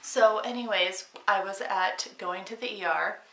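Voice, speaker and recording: A woman's voice: mid-range voice, steady tone, unhurried, a bit bright. A woman vlogger telling a story in a casual, chatty way, with lots of fillers and frequent laughs. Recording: echoey room, from a distance.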